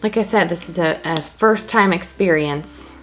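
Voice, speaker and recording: A woman's voice: on the low side, moderate pace. Chatty woman doing a makeup vlog at home, jokes around, faint music behind her. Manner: chatty, self-narrating each step; joking asides. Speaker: beauty blogger. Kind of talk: casual makeup tutorial.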